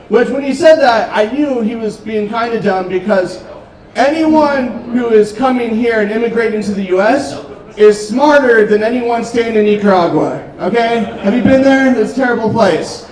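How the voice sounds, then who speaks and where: A man doing a stand-up set, telling dark jokes in a deadpan way with frequent ums, on a restaurant comedy stage. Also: high voice, normal speed. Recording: roomy club, distant mic, crowd noise. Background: audience laughter.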